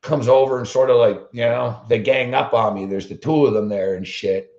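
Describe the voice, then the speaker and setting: A man's voice: medium pitch, fairly even intonation, moderate pace, a little mellow. A man hosting a sports betting show, telling a long story as a blunt, combative rant full of swearing. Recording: roomy, dull lo-fi sound.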